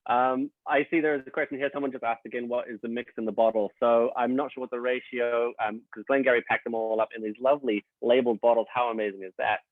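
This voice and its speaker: A man with a mid-pitched voice walks viewers through a gin tasting, friendly and upbeat. The audio is dry and tinny, close to a phone line. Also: fairly even intonation, fast, few pauses, no echo. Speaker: brand ambassador. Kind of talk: presenting a virtual tasting.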